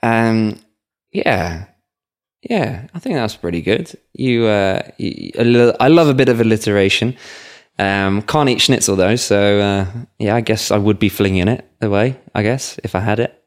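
A man's voice: fairly low pitch, normal speed. A man co-hosting a podcast in casual chat, hesitant, with stammering restarts and lots of fillers. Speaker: podcast co-host.

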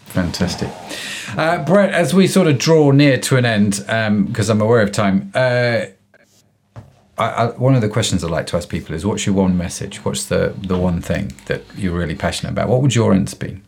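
A man's voice: on the low side, expressive, moderate pace, creaky, slight background noise. A man from England with a British accent, hosting a podcast in a chatty, jovial way and calling people "mate". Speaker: podcast host. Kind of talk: casual interview chat.

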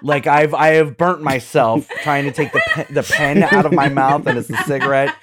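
A man's voice: on the high side, normal speed, a loud crowd. A man co-hosting a podcast, joking and teasing in casual banter. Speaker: podcast co-host.

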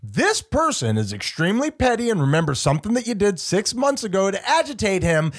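A man with a high voice that swoops all over the place. He runs mock-serious quiz bits and teases his co-host sarcastically, with playful banter throughout. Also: wildly swooping pitch, a little fast, hardly any pauses, husky. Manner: teasing, mock-serious quiz-master delivery; sarcastic ribbing. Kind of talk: joking banter between co-hosts.

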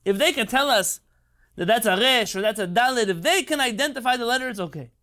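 A man's voice: very high voice, lively intonation, fast, bright, forceful tone. A man giving an impassioned Torah lecture, emphatic and rhetorical. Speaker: rabbi.

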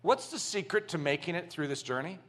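Male preacher, high and bright, lively storyteller swinging loud to hushed. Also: fairly quick. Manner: animated storytelling, acting out little scenes. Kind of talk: sermon.

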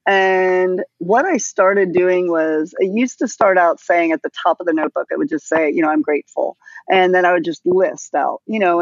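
A woman in her forties, a podcast guest telling a personal story in a casual, animated way with lively asides. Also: lowish voice, no echo. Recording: dull dry lo-fi sound.

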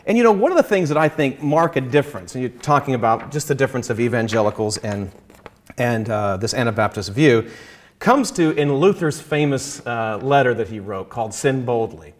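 An earnest man explains his Christian faith in a conversation. He talks in a measured way, often pausing and restarting, and draws out key phrases to stress them. He quotes scripture as he goes. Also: medium pitch, expressive. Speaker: Christian guest speaker.

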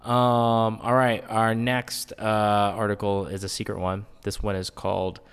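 A man's voice: on the low side, completely flat delivery, a little slow, smooth, big-room sound. A man hosting a casual podcast, playful and teasing, laughing often. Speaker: podcast host.

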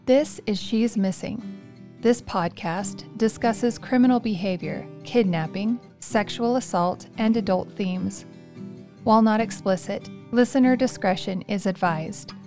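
A woman with a mid-range voice narrates a podcast script, calm and measured. She lays out her description at an even pace. Soft guitar plays quietly under her words. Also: mid-range voice.

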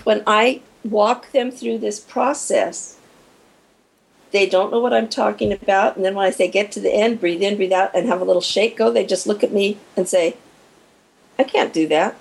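A woman guest in an interview, explaining in a lively way and acting out small quoted moments as she goes. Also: mid-range voice, normal speed, vocal fry, slightly rough, poor audio. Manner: animated, acts out little scenes with quoted inner voices. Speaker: guest expert on shock and recovery.

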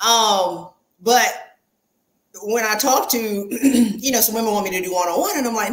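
A woman's voice: fairly high pitch, moderate pace, long pauses, roomy sound, poor audio. A woman hosting and coaching on a podcast, talking in an informal, teasing way. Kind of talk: casual interview chat.

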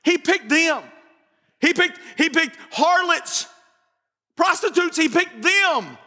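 A man preaches a lively sermon in a very high, bright voice. He breaks into jokes and acts out quoted voices. The sound carries a long church-hall reverb. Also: slow. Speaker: pastor.

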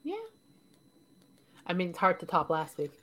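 A woman's voice: on the low side, animated, moderate pace. A chatty woman with a light Canadian accent trades thoughts as a podcast co-host. She laughs often, trips over her own restarts, and keeps the talk loose and casual. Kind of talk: casual chat.

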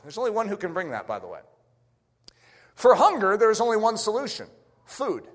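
Animated high-voiced male preacher in a hall. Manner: emphatic, repeating his rhetorical questions. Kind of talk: sermon. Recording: echoey hall reverb.

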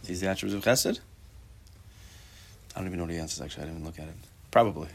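A man's voice: sits low, very fast, vocal fry. A man teaching a Torah class, talking casually, mixing Hebrew terms into his English and tossing out rhetorical questions and joking asides to his students.

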